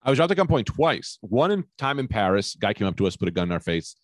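A man chatting on a podcast, a loud, animated storyteller who swears freely. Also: lowish voice, fast talker, no room sound. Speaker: podcast guest, comedian. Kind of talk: casual chat.

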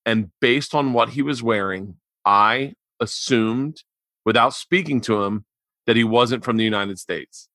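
A man hosting a podcast, telling stories in casual chat, animated with sudden loud, cursing outbursts. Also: mid-range voice, measured pace, no echo, studio quality. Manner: animated storyteller, loud outbursts, swears a lot. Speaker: podcast host.

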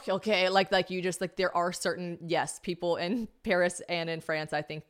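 A young American woman hosting a podcast, telling a story in a chatty, animated way with casual swearing. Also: on the low side, clean tone. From United States. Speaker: podcast host. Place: home podcast room.

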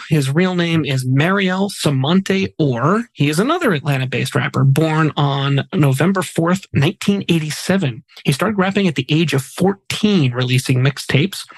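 A man's voice: fairly high pitch, dry recording, rough recording. Chatty male podcast host, dry sound. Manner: chatty, jokey asides between solemn facts. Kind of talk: casual podcast narration of memorial segments.

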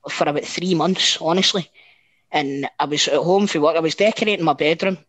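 A middle-aged Scottish man with a fairly high voice tells a rambling anecdote, full of swearing and false starts. The sound is close and dry, with no room around it. He keeps the tale going with lively energy. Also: brisk, dry recording, rough recording. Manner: animated, sweary, restarts often. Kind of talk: casual storytelling chat.

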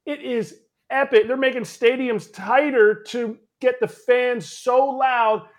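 High-voiced man teasing his co-hosts. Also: fairly even intonation, slow pace. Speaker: co-host. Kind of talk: casual sports chat.

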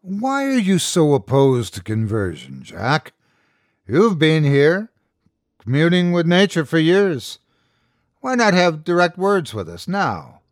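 A man's voice: on the high side, huge pitch swings, slow, no echo, clean studio sound, pitched above the performer's own voice, heavily acted. Man voicing an ancient horned creature. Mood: calm, menacing. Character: ancient horned inhuman being, calm and curious.

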